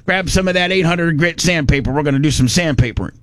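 A man imitating his own gruff, rugged, short-tempered father while telling a story on a podcast. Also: fairly high pitch, fast talker, slight background noise, natural voice. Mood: boastful.

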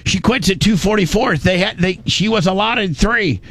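A man's voice: sits high, moderate pace, a bit bright. A man hosting a talk radio show, blunt and sarcastic with crude remarks. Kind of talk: mocking talk radio commentary.

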